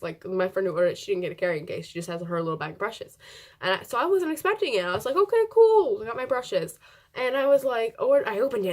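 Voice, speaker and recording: A young woman vlogging at home into her camera mic, chatty and giggly, rambling with lots of filler words. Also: medium pitch. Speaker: beauty vlogger. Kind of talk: casual rambling vlog.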